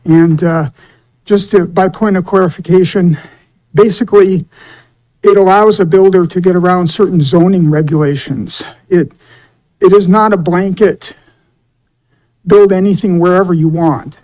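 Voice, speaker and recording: Male commission chair, high voice, deliberate halting delivery with fillers. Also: fairly even intonation, darkish tone, poor audio. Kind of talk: public meeting remarks.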